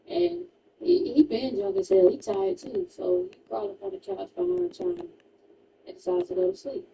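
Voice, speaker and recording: A woman's voice: extremely high pitch, vocal fry, dark tone, far from the mic, a little hiss or hum, poor audio. A woman streamer casually retelling a true crime story while gaming, emphatic and chatty, full of "like" asides.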